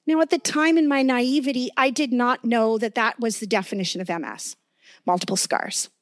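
A woman's voice: on the high side, moderate pace, no room sound, studio quality. A woman giving a sermon with personal testimony, talking earnestly and conversationally and often checking in with her listeners. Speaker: preacher.

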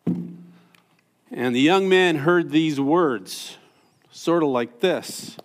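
A man preaching a sermon, telling stories that swing from loud and high to hushed and low. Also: drawn-out words. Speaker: pastor. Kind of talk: sermon storytelling.

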